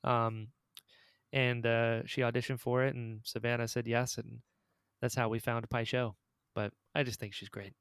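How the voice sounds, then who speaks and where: A man, the creator of an audio drama, chatting on a podcast in an excitable, storytelling way. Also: mid-range voice, moderate pace, clear, resonant tone, no echo, clean studio sound. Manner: excitable storyteller, acts out quoted lines. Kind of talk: casual podcast chat.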